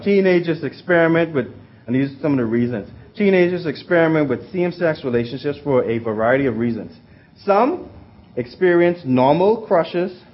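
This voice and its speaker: A young man teaching a class, rambling, repeating words and asking the room questions, in a slightly muffled recording. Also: mid-range voice. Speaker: youth teacher. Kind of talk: interactive class talk.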